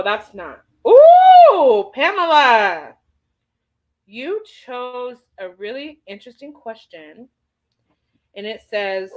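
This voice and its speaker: A woman's voice: a little high, a bit bright, poor audio. A woman hosting a casual livestream, reading viewer comments aloud and answering them with chatty, playful exclamations. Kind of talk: casual chat.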